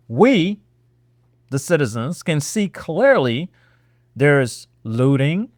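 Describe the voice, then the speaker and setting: A man hosting political reaction commentary, his fairly high voice swinging up and down as he needles listeners with rhetorical questions. The delivery is sarcastic and animated. The recording is dry and close. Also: dry recording. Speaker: host.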